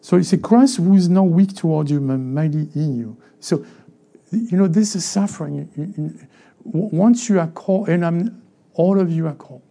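A man with a French accent preaching a sermon as a pastor, animated and acting out other people's voices. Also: a little high, normal speed, gravelly. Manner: animated, acts out voices of church members.

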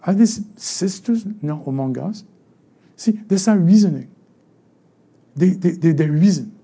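A man with a French accent preaching a sermon as a pastor, animated and acting out other people's voices. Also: high-pitched, a little slow, husky. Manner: animated, acts out voices of church members.

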